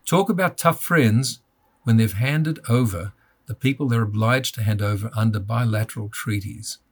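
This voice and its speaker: A man's voice: fairly low pitch, moderate pace, slightly rough. An older man speaking as an interview guest, indignant and impassioned. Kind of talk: interview conversation.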